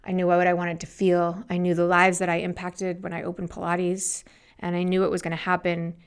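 A middle-aged woman, an interview guest, telling her story with animated, acted-out quotes. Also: lowish voice, fairly quick, clean tone. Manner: animated, acts out quoted voices.

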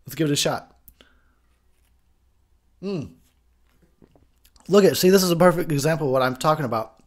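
Man, home mic, rambling profane movie-commentary host, a touch high. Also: moderate pace. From Texas. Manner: rambling, swearing, frustrated ranting. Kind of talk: drunk casual movie commentary. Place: home room near a window. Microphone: home recording mic.

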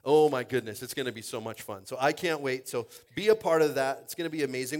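A male pastor running a lively church service, joking and playful and often raising his voice to the room. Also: mid-range voice, fairly quick, hardly any pauses. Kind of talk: church service games and announcements. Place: church sanctuary stage.

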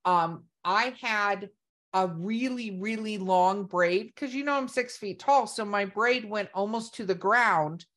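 A woman's voice: mid-range voice, measured pace, fairly bright tone. A woman co-hosting a podcast in casual chat, talking in a chatty way full of "like". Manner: chatty, lots of "like". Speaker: podcast co-host.

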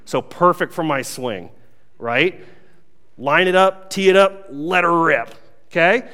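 A young male pastor with a somewhat high voice tells a self-mocking story to his congregation. His delivery is lively and playful. The sound carries a long reverb from a large hall. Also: takes it slowly. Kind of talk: sermon with humorous story.

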